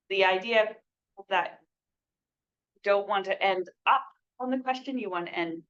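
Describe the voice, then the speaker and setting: A woman's voice: mid-range voice, unhurried, long pauses, a bit bright. A woman leading a sales training class in a small room. She talks casually and acts out sample sales lines for her listeners. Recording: dull lo-fi recording.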